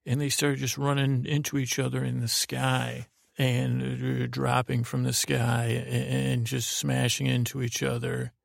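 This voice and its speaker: This podcast host has a gravelly, medium-pitched voice that stays monotone, moving a little slowly with few pauses. He tells a meandering bedtime story full of hesitations and restarts, a rambling sleep-story narration captured in clean studio quality with no room sound.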